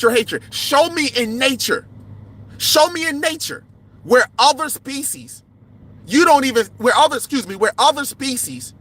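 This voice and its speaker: A man with a very high, bright, forceful voice hosting a livestream. He talks in a heated, confrontational rant, preaching at his viewers and often breaking into a yell. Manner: impassioned, yelling, confrontational, preachy. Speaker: livestream host.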